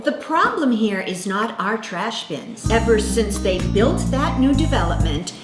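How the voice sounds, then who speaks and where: A woman's voice: fairly high pitch, very animated, measured pace, roomy sound, loud music behind the voice. A woman playing an indignant neighbor complaining at a town meeting.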